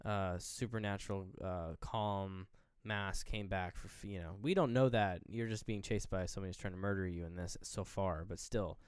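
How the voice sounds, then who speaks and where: A man co-hosting a podcast, retelling a horror film with lively, acted-out quotes and casual swearing. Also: deep voice, normal speed, few pauses, clean tone, dry recording, studio quality. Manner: animated retelling, acting out characters' lines; swears freely. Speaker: podcast co-host. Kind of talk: casual movie recap.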